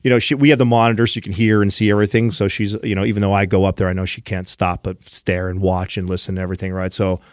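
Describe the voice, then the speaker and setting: A man's voice: deep voice, level tone, quick pace, few pauses, darkish tone, no echo, clean studio sound. A man in his thirties chatting casually on a podcast, rambling through a story with lots of fillers. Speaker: podcast co-host. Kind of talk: casual chat.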